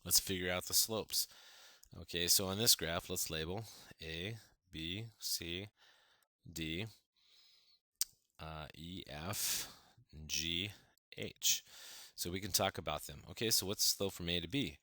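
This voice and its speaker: A man's voice: low voice, takes it slowly, long pauses, bright, forceful tone, no echo. A man teaching a math lesson, counting through steps with playful, enthusiastic exclamations.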